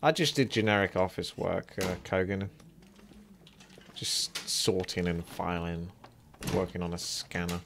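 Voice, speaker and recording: A man's voice: low voice, fairly even intonation, measured pace, gravelly, background noise. A man streaming a game live, chatting casually with rambling asides and a slight sore throat. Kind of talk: live gameplay commentary.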